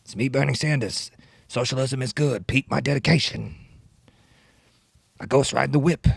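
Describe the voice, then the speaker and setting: A man's voice: medium pitch, creaky, slightly rough, no echo, clean studio sound, pitched above the performer's own voice. A man doing a comic impression of an old male politician, freestyle rapping in a boastful, drawling way. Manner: boastful, slow and drawling rap delivery.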